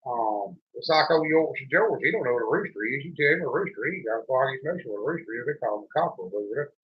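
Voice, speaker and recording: A man's voice: mid-range voice, expressive, fast. A man with a thick rural North Carolina accent, chatting in a folksy, drawling way as the host of a homesteading show. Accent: Southern US, North Carolina. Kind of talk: casual chat. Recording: dull lo-fi sound.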